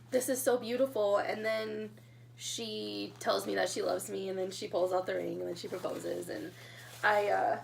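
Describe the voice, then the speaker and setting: Chatty young woman with a gravelly voice. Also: medium pitch, slight background noise. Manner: chatty, excitable, emotional retelling. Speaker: vlogger. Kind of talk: mukbang storytime vlog.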